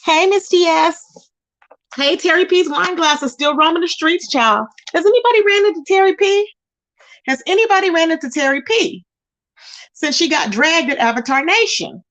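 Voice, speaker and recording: A woman with a high, bright-edged voice hosts a casual livestream. She talks in a sassy, drawn-out way, greeting her chat and gossiping as if to friends. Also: lively intonation. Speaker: livestream host.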